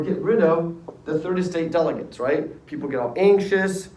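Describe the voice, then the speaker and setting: A middle-aged teacher tells history to his class as a casual, jokey story and keeps breaking into voices for its people. His voice sits a little high for a man. It is picked up from across the classroom, with plenty of echo off the walls. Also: a little mellow. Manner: jokey storytelling, acts out quick character voices. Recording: echoey classroom, voice from far off.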